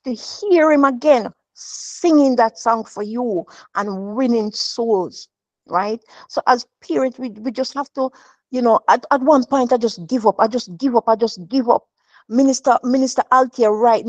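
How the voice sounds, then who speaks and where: A woman's voice: high voice, dry recording. Woman, earnest devotional testimony, stammering restarts, dull dry lo-fi recording. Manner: earnest, repetitive, emotional, with many restarts. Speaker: mother sharing a testimony.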